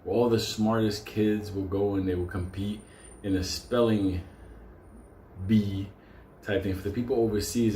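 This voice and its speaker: A man's voice: lowish voice, steady tone, unhurried, warm tone. A man telling a profane, comedic story in a crude, rambling way, jumping into voices for the people in it. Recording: roomy sound with faint ambient noise.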